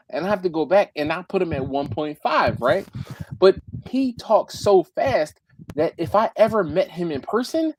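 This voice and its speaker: A man's voice: high-pitched, slight background noise, low-quality recording. A man hosting a casual live chat, rambling and stumbling over repeated words, acting out quotes with jumps in his voice. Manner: acts out quotes with big jumps in voice. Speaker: livestream host.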